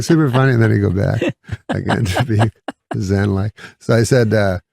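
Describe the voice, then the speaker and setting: Man with a deep, husky, gravelly voice; rambling deadpan storyteller, dry close mic. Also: moderate pace, no echo. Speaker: guest comedian. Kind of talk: casual anecdote in an interview.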